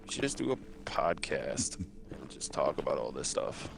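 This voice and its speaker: A man's voice: rumbling low, very animated, moderate pace, creaky, faint music behind. A man hosting a casual gaming stream, joking crudely and swearing freely. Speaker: streamer host.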